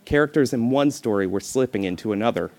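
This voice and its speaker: A man's voice: mid-range voice, expressive, fast talker, a little mellow. A man reading a memoir aloud in a dry, wry manner, breaking off now and then for playful off-the-cuff remarks.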